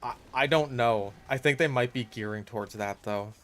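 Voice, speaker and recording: A man's voice: medium pitch, a bit bright. A man ranting in a voice-over over gameplay. He is exasperated and swears a lot, and often stops and restarts his sentences with "like". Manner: halting, restarts with lots of "like". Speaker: gaming YouTuber.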